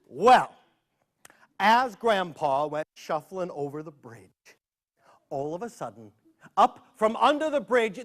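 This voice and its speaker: Animated male storyteller, lively pitch. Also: slow, pauses often, a little hiss or hum. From United States. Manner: playful, chatty asides. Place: public library event.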